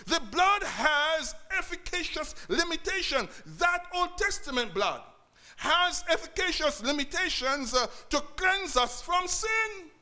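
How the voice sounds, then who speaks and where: A man's voice: very high voice, bright, forceful tone. A man preaching a sermon to his congregation, repeating key phrases and calling out to the church. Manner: preaching with repetition and call-outs to the congregation.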